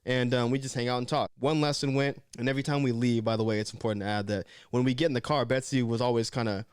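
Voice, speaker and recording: A man's voice: mid-range voice, fast, clean tone, no echo, clean studio sound. A young man in casual, slangy storytelling as a vlogger, talking to camera. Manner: slangy, animated, conversational.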